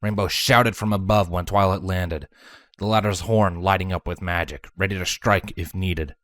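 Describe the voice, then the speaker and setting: Man, very deep voice, measured dramatic story narration, dry close sound. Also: steady tone, a bit bright, no room sound. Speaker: fanfiction reader.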